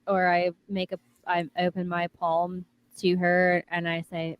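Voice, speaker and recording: A woman's voice: on the low side, completely flat delivery, a little slow, smooth, dull audio. A woman playing a tabletop game, speaking theatrically and graciously in character. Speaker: player. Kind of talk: tabletop role-play.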